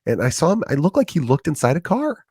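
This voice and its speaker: A man's voice: on the high side, wildly swooping pitch, fast talker, a little mellow, breathy edge, dry recording, clean studio sound. A man in his thirties with a Chicago accent, a comedian hosting his podcast and ranting in a profane comedic monologue. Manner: profane, ranting, acts out quoted voices.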